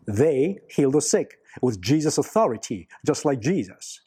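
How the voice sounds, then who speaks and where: A man's voice: medium pitch, sing-song, normal speed, mellow, husky. A man preaching a sermon, earnest, repeating key words for emphasis and putting questions to the congregation. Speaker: pastor.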